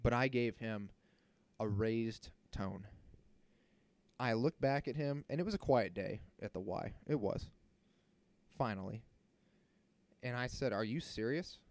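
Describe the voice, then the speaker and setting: A man in his thirties hosting a podcast, telling a story in a casual, animated and indignant way and swearing freely. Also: mid-range voice, measured pace, long pauses, no echo. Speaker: podcast host.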